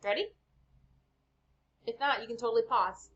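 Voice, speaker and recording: A woman's voice: a little high, normal speed, fairly bright tone, dull audio. A woman teaching an online Spanish lesson at home, upbeat and chatty, checking in with "okay" often. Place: home with lawnmower outside.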